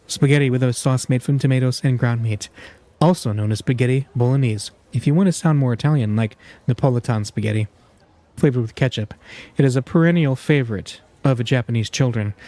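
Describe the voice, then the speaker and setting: A man's voice: medium pitch, fairly quick, dark tone. A man hosting a let's play, reading a visual novel aloud with casual, jokey asides.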